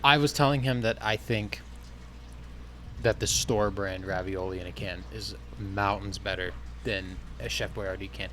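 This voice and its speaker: A man's voice: fairly low pitch, measured pace. Guy on a podcast telling a story, swears a lot, does the voices, bit of hiss in the background. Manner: animated storyteller, swears, acts out quotes. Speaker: podcast co-host. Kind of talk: casual podcast chat.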